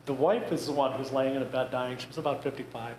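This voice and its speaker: A man's voice: medium pitch, steady tone, quick pace, darkish tone. A man giving a talk to a group, conversational and wry, with joking asides. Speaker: grief presenter. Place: church meeting room. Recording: echoey room with faint noise.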